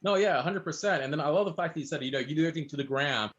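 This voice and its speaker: A man speaking quickly in a slightly high voice, chatting casually as a guest chef. He tells lively stories and acts out the voices of people he quotes. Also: muffled recording. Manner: fast, storytelling, animated quotes. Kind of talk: casual chat.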